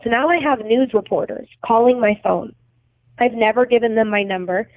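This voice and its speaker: A woman's voice: fairly high pitch, normal speed, no echo. A young adult woman recounting events as a podcast guest, blunt and agitated, swearing heavily. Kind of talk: emotional storytelling interview. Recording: tinny phone-like line, dry.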